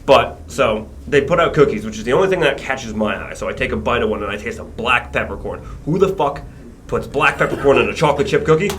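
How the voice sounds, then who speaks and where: A man in a band telling a story on a casual podcast, animated and swearing freely, laughing as he goes. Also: mid-range voice, quick pace, a little hiss or hum. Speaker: band member guest.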